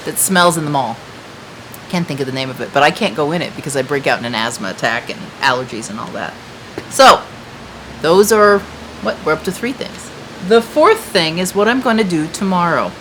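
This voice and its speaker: A woman's voice: lowish voice, a bit bright, a little hiss or hum, low-quality recording. A woman hosting a casual chat to viewers from a patio, talking in a chatty, rambling way with many fillers. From United States. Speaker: craft shop host. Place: outdoor patio.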